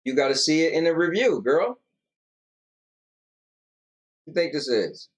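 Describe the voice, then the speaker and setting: A man's voice: fairly high pitch, very animated, a little slow, slightly rough. A tired young man co-hosting a casual podcast, rambling loosely and reading out viewer comments. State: yawning, tired. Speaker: podcast co-host.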